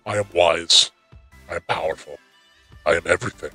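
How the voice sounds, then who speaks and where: A man speaking through a voice-changer preset that makes him sound artificially deeper and more male, joking in a mock-serious way. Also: brisk, sharp tone, breathy edge, no room sound, soft background music, heavily acted. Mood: mock-grand. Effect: voice changer pitch shift.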